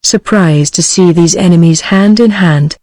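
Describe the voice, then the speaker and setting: A woman's voice: lowish voice, a little slow, no room sound. Dry synthetic British woman narrating. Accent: British English. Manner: even, steady, uninflected reading. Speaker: audiobook narrator.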